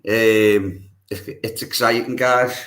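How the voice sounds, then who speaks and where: A man's voice: lowish voice, fairly even intonation, a bit bright, poor audio. A man hosting a podcast, hesitating often as he sets up the face-off. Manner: hesitant, lots of ums, slow. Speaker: podcast host.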